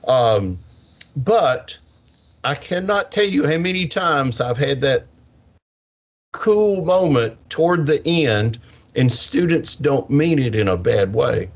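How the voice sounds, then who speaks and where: An older man, a science educator, answering interview questions with lively storytelling and acted-out kids' voices. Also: medium pitch, slow pace, creaky. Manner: animated, acts out kids' voices. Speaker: science educator with a portable planetarium.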